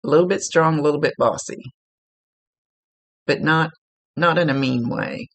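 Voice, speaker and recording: A man working as a psychic medium, giving a relaxed, conversational reading. He is chatty, laughs easily and often corrects himself mid-sentence. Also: fairly high pitch, moderate pace.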